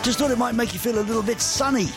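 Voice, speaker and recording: A man's voice: very high voice, rapid-fire, over music. A man hosting a casual radio show, chatty and jokey, reading out messages and poking fun at himself. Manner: jokey, chatty, self-mocking. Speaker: radio host.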